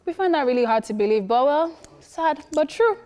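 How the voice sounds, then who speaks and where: Woman, high voice, upbeat, teasing, TV presenter. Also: expressive, fairly quick, dark tone. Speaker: co-host. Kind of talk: presenting a show segment.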